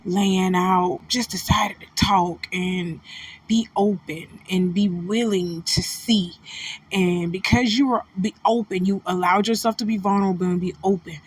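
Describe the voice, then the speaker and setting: A woman hosting a casual celebrity gossip commentary, animated and preachy, calling her listeners baby. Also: on the low side, a little hiss or hum. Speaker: host.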